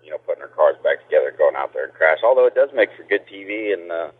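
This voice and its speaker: A man's voice: low voice, animated, quick pace, husky. A man in his thirties from Southern California, a race driver talking casually with radio hosts over the phone from a car, laid-back and laughing easily. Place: in a car with passengers. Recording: tinny phone line.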